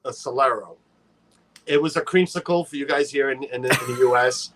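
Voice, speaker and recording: A man's voice: medium pitch, moderate pace, background noise. A man hosting a casual livestream, chatty and playful, greeting viewers by name and teasing his co-host.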